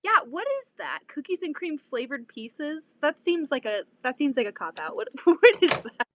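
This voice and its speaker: A young woman with a high, very lively voice teases her friend in casual chat. She laughs a lot and groans for effect, over a faint hiss of background noise. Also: normal speed.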